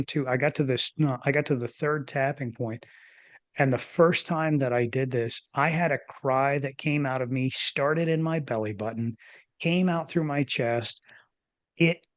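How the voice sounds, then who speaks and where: A man in his fifties or older, a former doctor hosting a podcast, telling a personal story in a rambling, animated way with many restarts. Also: mid-range voice, dry recording. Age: 50s or older. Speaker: podcast host, former physician. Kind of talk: casual interview storytelling.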